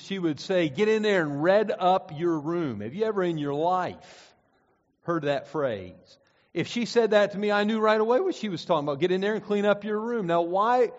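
Folksy preacher in an echoing hall. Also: male voice, sits high. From central Pennsylvania. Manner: folksy storytelling with many restarts and "uh"s. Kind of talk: sermon. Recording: dull sound with long hall reverb.

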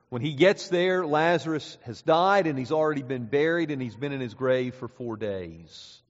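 A man delivers a sermon in a church, his voice sitting slightly high for a man. He drops to hushed, slow lines and then builds to loud, urgent preaching. The sound is dull, with a long reverb from the hall. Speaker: pastor. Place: church sanctuary.

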